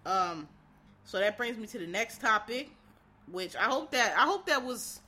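Female solo commentator, forceful and bright, animated rambling delivery with profanity. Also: fairly high pitch, unhurried, a little hiss or hum. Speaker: political commentator.

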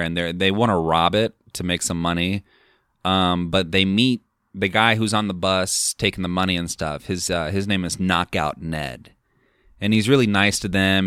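Man, deep low voice, casual film recap, rambling, lots of fillers, dry close sound. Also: a bit bright, no room sound. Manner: rambling, filler-heavy retelling with quoted lines. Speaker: podcast host.

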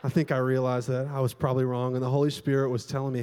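A young adult man preaching a sermon as pastor, telling stories animatedly and swinging between loud bursts and hushed, quiet stretches. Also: mid-range voice, little pitch movement, fast, few pauses, smooth. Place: church hall. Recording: long hall reverb.

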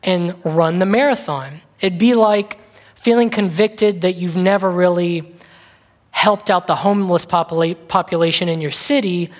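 A man preaching a casual, conversational sermon, rambling a little and acting out small scenes as he tells a story. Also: high-pitched. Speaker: pastor. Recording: long reverb of a large hall.

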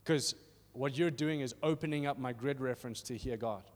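A man preaching a sermon in a church hall in an animated, conversational way, often asking "are you with me?". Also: mid-range voice, moderate pace. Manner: animated and conversational, acting out little voices, asks "are you with me?". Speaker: pastor. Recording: reverberant hall.

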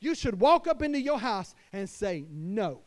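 A man pastor preaching a sermon to fathers, emphatic, swinging between hushed lines and loud declarations. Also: very high voice, expressive, moderate pace, clear, resonant tone. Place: church.

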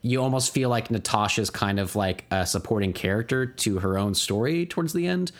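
Casual male podcast co-host, lowish voice, loose and rambling, swears offhand. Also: lively intonation, a little fast. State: tired. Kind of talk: casual movie review chat.

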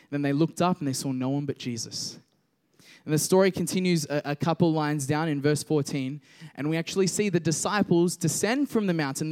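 Casting: young male preacher, high voice, chatty then emphatic, church congregation. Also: darkish tone. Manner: conversational, jokes with congregation, builds to emphatic slow declarations. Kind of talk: casual sermon with scripture reading.

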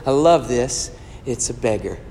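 A male pastor preaching a sermon, animated, rising to loud emphasis and dropping to hushed storytelling. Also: medium pitch, a little slow, in a large hall, a little hiss or hum.

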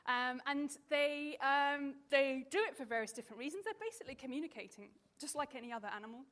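A woman with a fairly high voice leads a public science talk for families, chatty and playful. She keeps her presentation light, with plenty of ums as she goes. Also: fast, fairly bright tone. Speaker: marine biologist giving a public talk. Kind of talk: lively presentation to a live audience with children. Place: stage in front of an audience.

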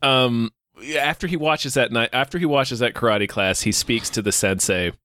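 A man in casual podcast chat, recapping a film's scenes in a relaxed way and laughing often. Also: medium pitch, moderate pace. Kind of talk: casual chat reviewing a film.

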